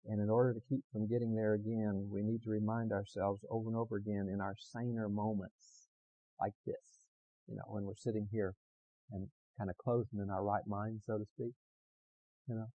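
A man preaching a sermon as pastor, swinging between loud emphatic passages and quiet conversational asides to the congregation. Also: on the low side, little pitch movement, normal speed, dry recording, narrow, tinny audio.

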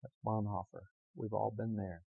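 Emphatic male pastor, husky voice. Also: fairly low pitch, fairly even intonation, normal speed, dry recording, phone-quality sound. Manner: swings from loud emphatic preaching to quiet conversational asides. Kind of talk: sermon.

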